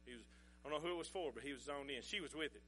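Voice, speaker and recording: Middle-aged man, pastor telling a sermon story, chatty, chuckling, bright tone. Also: a little high, very fast, slight background noise. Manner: folksy, chuckling, conversational.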